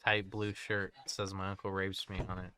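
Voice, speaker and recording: A man's voice: sits low, normal speed, slight background noise. A young man in casual podcast chat, laughing often and amused by his own stories. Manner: laughs a lot, lively and amused. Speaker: podcast co-host.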